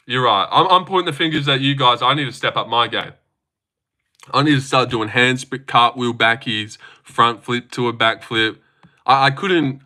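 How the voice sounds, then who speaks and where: A man's voice: mid-range voice, sharp tone. A man hosting a casual livestream, reading and joking about chat messages. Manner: joking, chatty, reacts to chat messages aloud.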